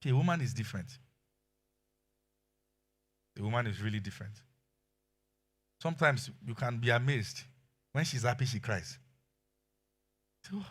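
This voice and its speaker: A middle-aged man with a Nigerian accent preaching a sermon, shifting between quiet asides and loud exclamations. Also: medium pitch, expressive, a little slow, pauses often, breathy edge. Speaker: pastor.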